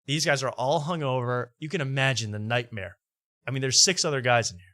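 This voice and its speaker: Male host, bright tone, dry close mic, mocking casual commentary. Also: medium pitch, fairly quick, no echo. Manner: wry, mocking, laughs as he talks. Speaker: host reacting to podcast clips.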